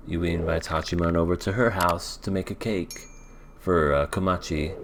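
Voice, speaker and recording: A man's voice: sits low, slight background noise. A man recapping an anime episode in a casual, rambling way, hedging often as he thinks aloud. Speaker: anime reaction vlogger.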